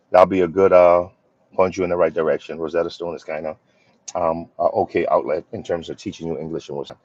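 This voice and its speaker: A man chats loosely with his viewers, his voice sitting on the low side. He rambles in an easygoing way, trailing into fillers and starting sentences over. The sound is dull and lo-fi, captured dry on a phone with no room around it. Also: darkish tone, no room sound. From Philadelphia, USA. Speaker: livestream host. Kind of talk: casual live chat with viewers.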